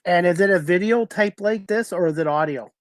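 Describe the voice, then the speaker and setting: A man hosting a talk show over a video call, asking guests steady, earnest questions. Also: high-pitched, a little fast, no echo. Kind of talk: casual interview.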